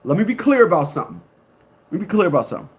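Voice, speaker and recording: An online commentator, a man, rants bluntly and forcefully to a live audience, repeating himself a lot. His delivery is very animated and rapid-fire, lurching from loud outbursts to low muttering.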